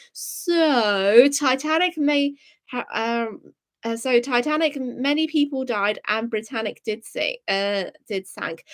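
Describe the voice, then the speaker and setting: High-voiced bubbly woman host. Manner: bubbly, reads chat comments aloud, excitable gasps. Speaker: live stream host. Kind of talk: casual live stream chat.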